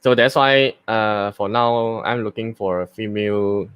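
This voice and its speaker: A voice actor, a man, casually explaining his voice techniques in an unhurried way with many fillers and restarts. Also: fairly low pitch, fairly even intonation, clear, resonant tone, dry recording, dull audio. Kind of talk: casual live talk and voice demo.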